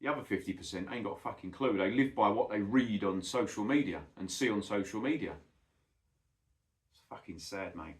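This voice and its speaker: A man's voice: on the low side, quick pace, hardly any pauses. A middle-aged man, ranting bluntly and swearing a lot in a casual monologue, calling the listener "mate". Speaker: football vlogger. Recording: echoey room.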